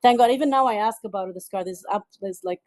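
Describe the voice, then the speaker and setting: Animated woman director, dry close sound. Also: mid-range voice, quick pace, dry recording. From United Arab Emirates. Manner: animated, laughs often, many restarts. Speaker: film director. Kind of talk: interview answers.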